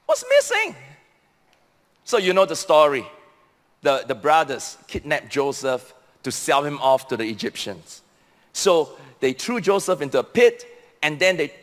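A man preaching a sermon as pastor, animated, acting out voices from Bible stories and speaking to the congregation. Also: sits high. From Singapore. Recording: long hall reverb.

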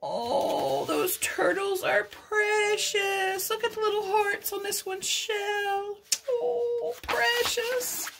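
A woman's voice: extremely high pitch, drawn-out words, vocal fry, noisy background. A middle-aged woman hosting a craft vlog, cooing and giggling as she unboxes gifts. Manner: gushing, coos and giggles. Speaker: craft channel host.

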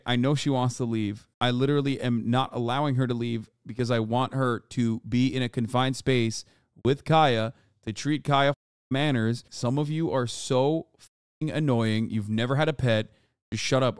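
A man's voice: medium pitch, fairly even intonation, normal speed, smooth, no room sound, studio quality. A man in his thirties streaming live, talking casually and profanely, ranting at his chat while dogs bark nearby. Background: dogs barking.

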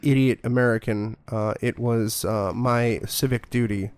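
A man's voice: medium pitch, steady tone, a little slow, a little mellow, clear, resonant tone, no room sound. A man streaming a horror game, chatting casually in a rambling, joking and profane way. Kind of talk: casual gaming commentary.

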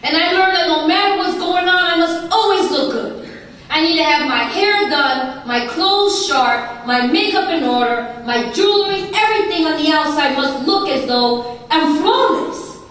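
Woman speaker, very high voice, emphatic testimony with rhythmic lists, distant mic in a large reverberant hall. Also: lively intonation, normal speed, a bit bright. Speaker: recovery meeting speaker. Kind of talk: personal testimony talk. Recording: very echoey hall, voice from far off.

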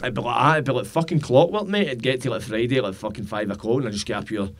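A man's voice: medium pitch, rapid-fire. A man with a Scottish accent, hosting a casual podcast chat, sweary and matey, full of slang.

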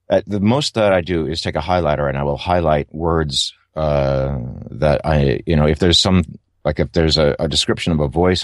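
A man's voice: rumbling low, no echo, studio quality. A middle-aged man, an audiobook narrator, giving thoughtful, rambling interview answers with many fillers and restarts.

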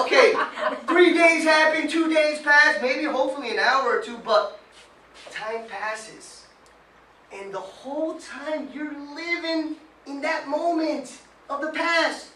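A man gives a lively motivational talk to a small group, firing questions at them and mimicking whiny complaints. His voice sits high and carries through a roomy space. It is heard from a distance against faint background noise. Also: a little slow. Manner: animated, quizzes the audience, mimics whiny voices. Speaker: motivational speaker.

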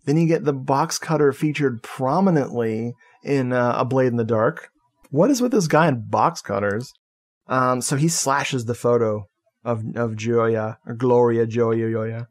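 Excitable man recapping a movie. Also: mid-range voice, unhurried. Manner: excitable, swears casually, laughs a lot. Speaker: podcast co-host. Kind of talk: casual movie recap chat.

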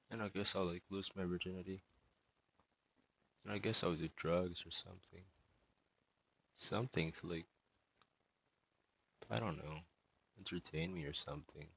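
A distraught young male student in an emotional spoken monologue, rambling and halting, with many sighs and fillers. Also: low-pitched, gravelly, a bit bright, husky, low-quality recording.

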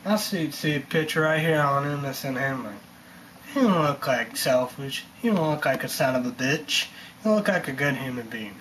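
A man's voice: mid-range voice, expressive, moderate pace, a bit bright, slight background noise. A man talking in a casual, rambling monologue, repeating himself and leaning on fillers. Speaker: vlogger ranting on camera.

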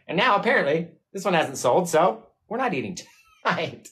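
A man's voice: high-pitched, sing-song, normal speed, bright, forceful tone. Rambling, laughing man chatting with viewers. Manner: rambling, self-mocking storyteller who laughs often. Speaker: livestream painting host. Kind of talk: casual chat with live viewers.

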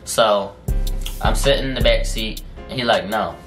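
A man casually telling a story on his vlog in slangy, profane speech, full of fillers and drawn-out phrases. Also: lowish voice. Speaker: storytime vlogger. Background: music in the background.

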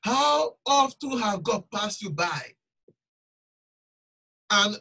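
A man's voice: high-pitched, very animated, drawn-out words, vocal fry, sharp tone, slightly rough, recorded from a distance, poor audio. A man preaching a sermon and telling a personal testimony, emphatic and repeating phrases for stress.

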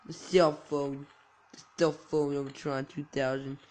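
A man's voice: a little high, level tone, takes it slowly, a little mellow. A young man giving goofy, jokey let's-play commentary, talking back to the game's characters. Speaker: gaming YouTuber.

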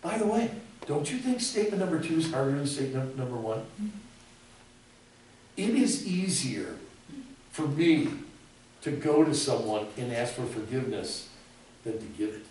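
A man's voice: mid-range voice, animated, normal speed, long pauses, darkish tone, a little hiss or hum. A man giving a classroom lecture on ministry, emphatic and speaking directly to his students. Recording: echoey room, mic far off.

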